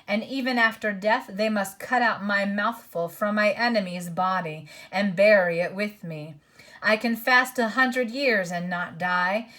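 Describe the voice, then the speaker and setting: A woman voicing a hungry, menacing werewolf in a dull, flat, slow delivery. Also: mid-range voice, close to an everyday voice.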